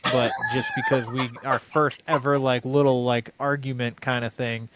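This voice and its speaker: A man's voice: medium pitch, huge pitch swings, normal speed, fairly bright tone. A man from New England hosting a podcast, telling stories in a laid-back way and swearing freely. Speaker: podcast host. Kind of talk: casual chat.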